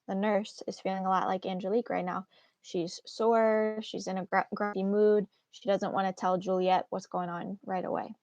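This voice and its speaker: A woman's voice: medium pitch, level tone, normal speed, a little mellow, no room sound. Casual woman teacher, dry sound. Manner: casual, encouraging, many fillers. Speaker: English teacher. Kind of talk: online class lesson.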